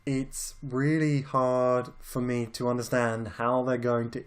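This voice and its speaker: A man's voice: mid-range voice, little pitch movement, slow. A British man casually chatting about films as a podcast co-host, laid-back and rambling, swearing now and then. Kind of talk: casual film chat.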